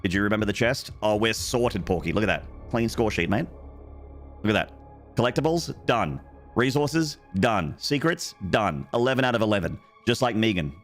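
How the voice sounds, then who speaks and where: A young man chats and jokes with viewers on a gaming stream, his accent mostly Australian with some American mixed in. His voice is lowish with lively intonation at a normal speed, and faint music plays behind him.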